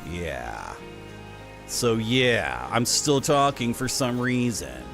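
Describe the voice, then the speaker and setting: Animated man ranting on a game stream. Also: medium pitch, slow pace, vocal fry. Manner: ranting, animated, greets chat. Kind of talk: casual game stream chat. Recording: faint music behind.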